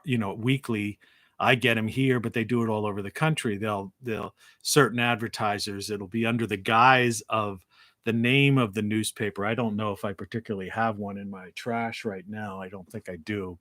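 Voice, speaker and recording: A man hosting a live talk show in a rambling monologue, with frequent restarts and a morning voice, clearing his throat now and then. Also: on the low side, fairly bright tone, dry recording, studio quality. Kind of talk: solo live-stream monologue.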